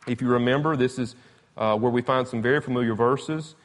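Brief: man, casual Bible teacher, emphatic storytelling, mid-pitched voice. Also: brisk. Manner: conversational, emphatic, retells scripture with animated quotes. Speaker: preacher. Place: church or classroom with slides.

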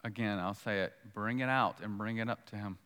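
A man's voice: lowish voice, steady tone, fairly quick, a bit bright, clean tone, long reverb tail. A man preaching a sermon in a conversational way, repeating key points for emphasis and acting out the dialogue of scripture. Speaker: pastor.

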